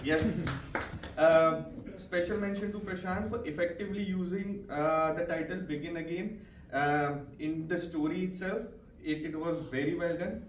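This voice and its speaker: A man's voice: on the high side, moderate pace, a little hiss or hum. A man giving encouraging feedback to a speaking club and leading a speech drill, with frequent "right?" tags. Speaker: language evaluator at a speaking club. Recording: echoey room, distant mic.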